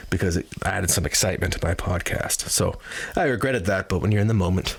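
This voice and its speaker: A man's voice: low-pitched, brisk, creaky, fairly bright tone. A man hosting a podcast, rambling through a casual, profane, self-mocking monologue. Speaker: podcast host.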